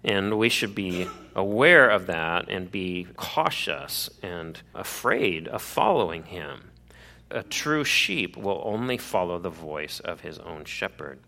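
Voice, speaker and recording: Male pastor, earnest conversational sermon delivery, bright tone, lowish pitch. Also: expressive, creaky. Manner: earnest, conversational preaching with quick asides.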